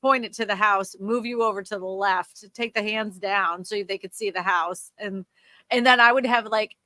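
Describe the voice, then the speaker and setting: Her voice is mid-range, bright, and forceful, with fairly even intonation, as she reviews thumbnails as a co-host on a casual livestream. She coaches directly and drops in quick asides, recorded with a dry, close sound and little room echo.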